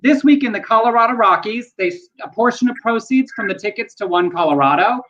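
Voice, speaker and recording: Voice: medium pitch, lively intonation, fairly quick, dull audio. A co-host of a casual news chat show, making wry, chatty asides.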